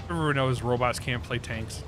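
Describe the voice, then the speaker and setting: A man's voice: medium pitch, moderate pace, noisy background. A young man with a Midwestern accent, chatting sarcastically and rambling while streaming a game. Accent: Midwestern American. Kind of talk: casual gaming stream chat.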